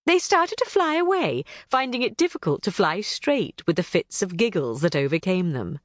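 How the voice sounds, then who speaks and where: A woman's voice: on the low side, moderate pace, no room sound, clean studio sound. A woman reading a children's book aloud in a storytelling manner. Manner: animated, storytelling. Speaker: audiobook narrator. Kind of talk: scripted narration of a children's book.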